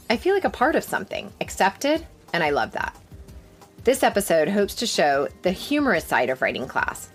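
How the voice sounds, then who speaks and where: A middle-aged woman hosting a podcast, reading a reflective and candid scripted introduction. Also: on the low side. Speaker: podcast host. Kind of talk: scripted personal narration.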